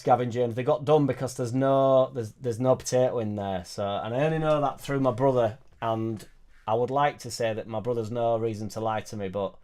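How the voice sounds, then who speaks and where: This live stream host chats from his home studio in a jokey, meandering way, reading out what viewers write. His voice is fairly low and a little mellow, captured through a suspended studio microphone.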